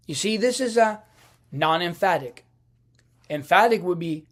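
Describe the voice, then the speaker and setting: A man teaching a language lesson over slides, speaking slowly with many fillers and restarts. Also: high voice, a bit bright. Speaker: Italian teacher.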